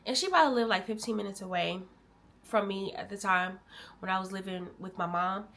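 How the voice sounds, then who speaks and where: A woman's voice: mid-range voice, brisk. Candid young woman sharing a personal story. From Illinois. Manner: candid and emotional, addresses viewers as y'all; animated, swings between loud bursts and quiet drops. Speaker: vlogger. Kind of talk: casual storytelling to viewers.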